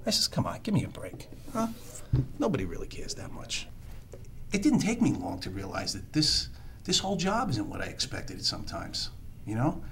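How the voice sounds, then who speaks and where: An actor playing a world-weary police detective who tells rambling, sardonic street stories. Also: male voice, medium pitch, wildly swooping pitch, normal speed, fairly bright tone, slight background noise. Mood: storytelling. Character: wisecracking world-weary male NYC cop. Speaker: police detective under evaluation. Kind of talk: film dialogue, storytelling monologue.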